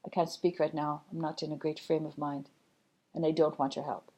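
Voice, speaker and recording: A woman channeling a calm teaching spirit. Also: low-pitched, pitched below the performer's own voice. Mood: gentle teaching. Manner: slow, measured, gently instructive, many pauses. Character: collective loving spirit guide, calm and teaching.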